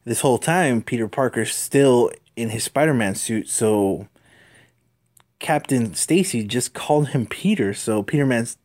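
A man's voice: mid-range voice, expressive, moderate pace, a little mellow. A man casually reading a comic aloud, often stumbling, repeating words and restarting. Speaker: comic book reader.

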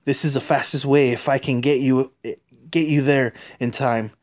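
A man's voice: medium pitch, steady tone, moderate pace, darkish tone, close to an everyday voice. A man voicing a young male superhero who strains and pleads in a raised voice. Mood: desperate.

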